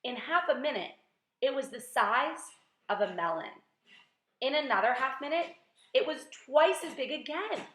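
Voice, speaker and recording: A woman teacher reading a children's book aloud with lively, expressive storytelling. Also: high voice, moderate pace. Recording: roomy echo.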